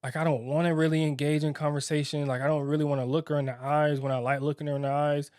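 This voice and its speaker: A young man co-hosting a married-couple podcast has a darkish, high-leaning voice with little pitch movement, recorded without room sound. He talks candidly and reflectively but haltingly, filling gaps and restarting often.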